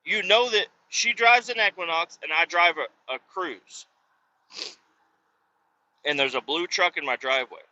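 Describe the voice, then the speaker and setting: Fairly high-pitched and sharp, this man speaks at a measured pace with frequent pauses. He's a podcast host ranting casually behind the wheel, spinning a rambling, swear-filled story in exasperation. The lo-fi recording sounds dull, with faint road noise underneath.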